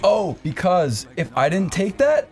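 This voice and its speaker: Profane, animated young man telling a story. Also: high-pitched, measured pace, faint music behind. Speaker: podcast co-host. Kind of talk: casual storytelling chat.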